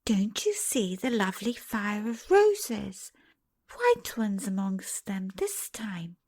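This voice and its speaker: A woman voicing a young princess girl who talks in a high, pleading voice close to tears. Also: sing-song, slow, a little mellow, exaggerated voice. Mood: bewildered.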